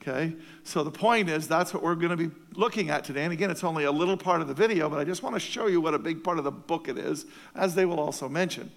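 High, gravelly-voiced pastor in a hall. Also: male voice, fast, few pauses. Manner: earnest, emphatic, repeats phrases for stress. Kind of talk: sermon.

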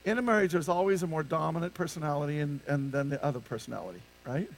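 A man's voice: on the high side, fast, a little hiss or hum, poor audio. A male pastor preaching a conversational sermon to his congregation, often stopping to ask them rhetorical questions. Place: church sanctuary with a congregation.

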